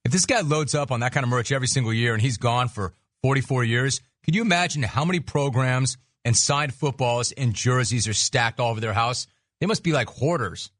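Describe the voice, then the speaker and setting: A man hosts a sports talk radio show, riffing sarcastically and mocking his subjects at a quick clip. His pitch sits in the middle of the range. The sound is dry and close to the mic. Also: fairly bright tone, no room sound. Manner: sarcastic, mocking, rapid riffs.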